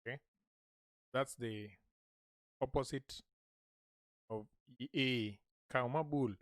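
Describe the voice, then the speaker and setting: Male teacher, unhurried delivery, dry close sound; repeats each phrase patiently. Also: mid-range voice. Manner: repeats phrases slowly for listeners to echo. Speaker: language teacher. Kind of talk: slow repeated language lesson.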